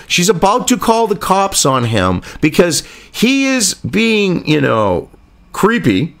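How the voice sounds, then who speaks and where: A man's voice: high voice, wildly swooping pitch, slow pace, creaky, a bit bright. A man ranting in political commentary, profane, sarcastic and indignant.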